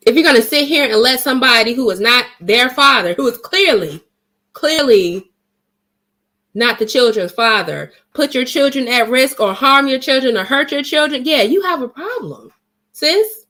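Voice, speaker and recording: A woman's voice: sits high, expressive, normal speed, bright, forceful tone. A woman vlogger telling a story in a casual, blunt and emphatic way, swearing freely and retelling it dramatically.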